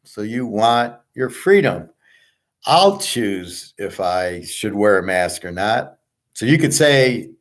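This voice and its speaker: A man's voice: medium pitch, animated, unhurried. A man from the United States hosting a casual monologue, blunt and profane as he rants. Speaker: podcast host.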